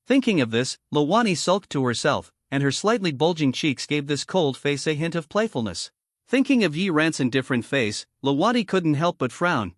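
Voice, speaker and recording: Male recap narrator, lively pitch. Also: moderate pace, dry recording, studio quality. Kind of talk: scripted story recap narration.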